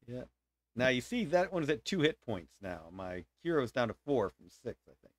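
A man's voice: mid-range voice, big pitch swings, moderate pace. This is a man at ease, thinking aloud as he plays through a strategy game for viewers. His middling voice swings up and down expressively, and he drops playful sound effects into the battles while he explains each move. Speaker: game streamer. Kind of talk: casual gameplay commentary.

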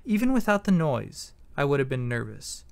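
Guy reading an audiobook chapter, kinda gravelly, slightly high voice, dry sound. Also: sing-song, normal speed, darkish tone, no room sound. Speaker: audiobook narrator. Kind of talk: amateur first-person audiobook narration.

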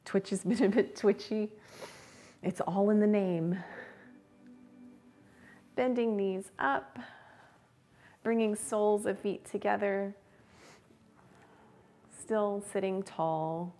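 A woman teaching a live-streamed beginner yoga class, giving gentle cues and chatting with viewers. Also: medium pitch, slow pace, pauses often.

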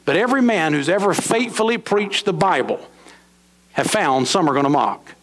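A middle-aged man preaching a sermon in a church, swinging between high emphatic lines and low, slow drops. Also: lively intonation, a bit bright. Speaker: pastor. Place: church sanctuary.

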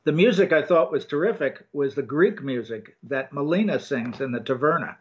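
An older man shares his opinions on a film, casual and halting, full of ums and restarts. His voice sits a little high. The recording sounds dull and lo-fi. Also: animated. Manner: rambling, hesitant with many ums and restarts. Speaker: co-host film reviewer. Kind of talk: casual review chat.

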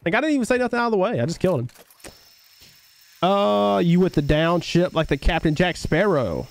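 A young man with a Southern country twang streams a game live, reading viewer comments aloud and answering them in a loose, slangy way. His voice sits a bit high, and his pitch swings widely as he talks. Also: expressive, a little fast, vocal fry. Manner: laid-back, slangy, reads chat aloud and answers.

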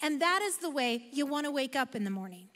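A woman pastor giving an animated, emphatic sermon in a church sanctuary. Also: high-pitched, a little fast. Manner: animated, emphatic preaching with self-aware asides. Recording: long reverb of a large hall.

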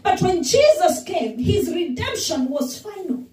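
A woman pastor preaching a sermon, slow and emphatic, building on repeated phrases. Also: very high-pitched, very animated, warm tone, echoey room, far from the mic, low-quality recording.

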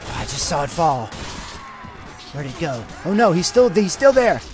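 A man's voice: a little high, normal speed, faint music behind. A man hosting a let's play, commenting on his game with light roleplay and giving orders to his troops. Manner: animated, excitable, gives orders to troops. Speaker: gaming channel host.

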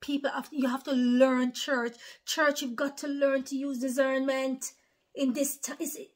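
A woman's voice: high voice, little pitch movement, measured pace. Earnest woman preaching to online followers. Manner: earnest, repetitive, addresses listeners as brothers and sisters. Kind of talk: informal spoken sermon to online followers.

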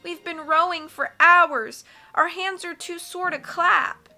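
A woman voicing a slow, weary pleading child. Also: very high-pitched, steady tone, sharp tone, soft background music, voice pushed up, exaggerated voice. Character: worn-out pleading kidnapped child.

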